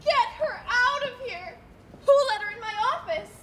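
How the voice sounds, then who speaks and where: A woman's voice: very high-pitched, animated, normal speed, noisy background. A woman playing a harried, stiffly formal female bank manager in a live stage play, recorded on a school stage. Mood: frantic. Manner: stiff, formal, increasingly exasperated. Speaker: stage actor.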